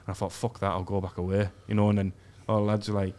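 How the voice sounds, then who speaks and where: In a podcast studio, an Englishman appearing as a guest shares crude, sweary stories in casual conversation, voicing other people's lines. His voice is lowish and a little mellow, with a flat delivery, and he talks fast.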